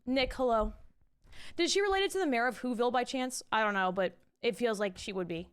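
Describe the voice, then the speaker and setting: A woman's voice: a little high, expressive, brisk, smooth. A young woman streaming from home, chatting casually with her viewers, reading chat aloud and swearing freely into a desk mic with a pop filter.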